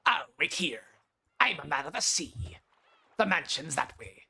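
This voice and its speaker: A man voicing a gruff older boat captain in a salty, piratey drawl while reading a visual novel aloud. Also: a little high, very animated, measured pace, pushed and bright, full character voice.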